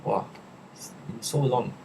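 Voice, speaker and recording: A young Singaporean man in a casual live chat, reading viewers' questions aloud and answering them in a relaxed, chatty way. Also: medium pitch, unhurried, creaky, a little hiss or hum.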